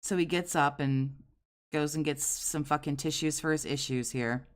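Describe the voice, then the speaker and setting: A woman's voice: deep voice, normal speed. A woman in her forties giving crude, sarcastic, scornful commentary over clips. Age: 40s.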